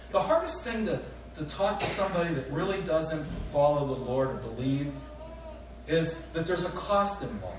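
A man preaching a sermon, his voice a touch higher than most, with animated rhetorical questions and voices for the people in the story. The sound is heavily echoey and picked up from a distance, with a faint noise underneath. It reads like a church recording. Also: moderate pace. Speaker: pastor. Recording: echoey hall recorded from far off.

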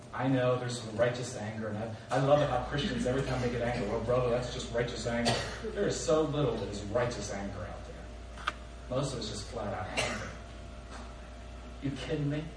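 A man preaching a sermon as pastor, telling a story with animated rhetorical questions and voices for the characters. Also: medium pitch, normal speed, background noise. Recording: echoey hall recorded from far off.

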